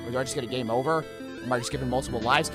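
A man hosting a let's-play reaction, jokey and excitable, breaking into shouts. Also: medium pitch, rapid-fire, music in the background. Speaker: gaming channel host.

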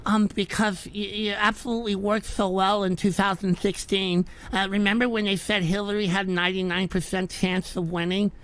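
A man putting on the voice of a smug, nerdy male chat user, hesitant and prissy, slightly raised and quieter. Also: high voice, level tone, normal speed, hardly any pauses, poor audio. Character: smug nerdy male chatter who loves polls.

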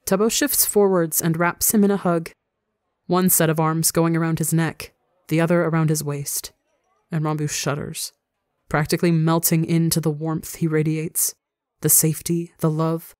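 Calm, dry-sounding story narrator. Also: mid-range voice, moderate pace, no room sound. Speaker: audiobook reader. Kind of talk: fanfiction audiobook narration.

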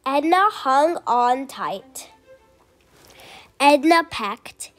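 A woman reading a children's picture book aloud, slow, clear and expressive. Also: high-pitched, faint music behind. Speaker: storyteller.

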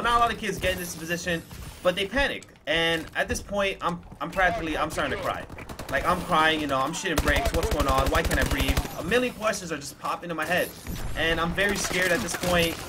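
Young male vlogger, slightly high voice, emotional storytime delivery, loose and profane, game gunfire audible underneath. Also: noisy background. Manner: casual, emotional retelling with swearing and repeated fillers. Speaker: gaming YouTuber.

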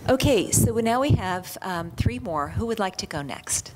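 A woman facilitating a conference workshop, giving measured, encouraging feedback and calling on the next group. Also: mid-range voice, lively intonation, long reverb tail, heavy background noise.

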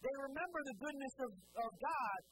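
A man's voice: extremely high pitch, a little fast, low-quality recording. A man preaching a sermon in church, who asks the congregation questions, answers them himself, and acts out the people in his stories. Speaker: pastor. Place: church sanctuary. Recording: steady mains hum behind the voice.

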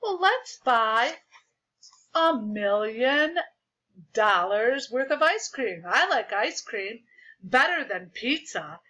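A woman's voice: a little high, sing-song, takes it slowly, bright, forceful tone, pitched above the performer's own voice, full character voice. A woman voicing an eager young schoolboy in a storybook read-aloud, in a dull lo-fi recording.

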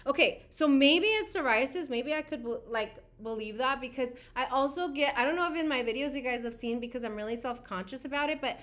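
Chatty higher-voiced woman streaming. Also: fairly quick, few pauses, fairly bright tone. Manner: chatty and rambling, full of "like". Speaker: beauty livestream host. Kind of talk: casual livestream chat.

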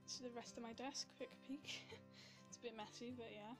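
Giggly high-voiced Welsh woman vlogging. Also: fairly even intonation, a little fast, music in the background. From Wales. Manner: chatty and giggly, rambling with fillers. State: a little out of breath. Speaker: beauty vlogger. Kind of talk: casual chat to camera.

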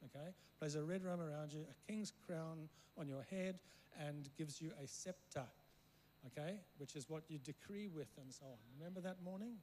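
In this storytelling sermon, an African-raised guest preacher whose first language isn't English spins long, rambling anecdotes and keeps checking in with the room. He speaks at a moderate pace in a darkish voice on the high side. Audio quality is poor, with slight background noise.

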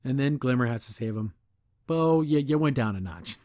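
A man's voice: mid-range voice, lively intonation, moderate pace, a little mellow, no room sound. A man hosting a podcast, recapping a cartoon episode in a casual rant, exasperated and sarcastic, laughing often and mocking the characters in silly voices.

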